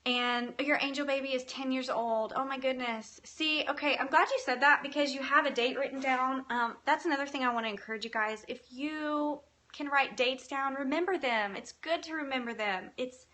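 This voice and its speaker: Bright-voiced woman, earnest and gentle. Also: high voice, normal speed, hardly any pauses. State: tearful at times. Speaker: faith-based live video host. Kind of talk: live-stream talk, reading comments.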